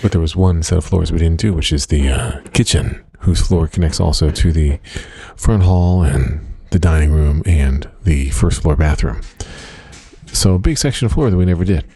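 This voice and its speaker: A man's voice: a bass voice, normal speed, creaky, dark tone, breathy edge, no echo. A middle-aged man hosting a casual solo diary podcast from his home office, rambling in a wry, self-mocking way with plenty of uh fillers. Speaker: podcast host.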